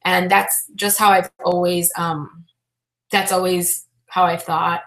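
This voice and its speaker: Brief: young woman vlogger, casual livestream chat, bright voice, roomy echo. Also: fairly low pitch, little pitch movement, slow. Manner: chatty, many fillers, reads chat aloud.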